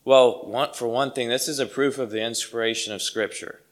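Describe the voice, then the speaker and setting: A man's voice: mid-range voice, fairly even intonation, moderate pace. A man preaching a sermon to his congregation, earnest and emphatic, repeating key phrases for weight.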